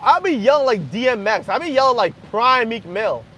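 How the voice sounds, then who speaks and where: A young man hosting a casual livestream, joking crudely and half-yelling to be heard over loud background noise. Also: very high-pitched, big pitch swings, brisk. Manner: crude joking, frequent laughter. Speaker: livestream host. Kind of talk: casual livestream chat with viewers.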